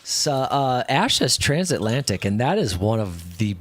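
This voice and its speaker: A man co-hosting a casual online show, wandering from one thought to the next. His voice sits at an ordinary middle pitch, and he laughs often as he muses. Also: big pitch swings, unhurried. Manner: rambling, musing, laughs often. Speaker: co-host. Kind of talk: casual chat.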